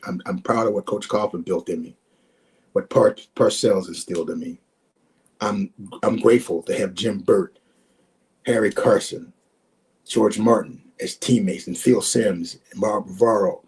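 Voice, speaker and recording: Speaking at an ordinary pace with fairly even intonation and a slightly mellow sound, this sixty-something ex-footballer joins a video call as a guest to share moving stories. He tends to say words twice and replays old exchanges, lifting his pitch for each quoted line.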